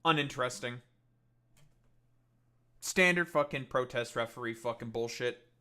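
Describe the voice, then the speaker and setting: A man's voice: medium pitch, a little slow, sharp tone. A man streaming live, ranting in a profane, combative and dismissive way, rambling with many fillers. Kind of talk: casual livestream rant.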